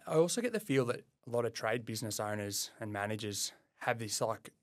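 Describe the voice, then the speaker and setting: A man with an Australian accent in casual podcast chat, relaxed and self-deprecating, rambling with restarts. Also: on the low side, brisk, no echo, clean studio sound. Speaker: podcast co-host, plumbing business owner.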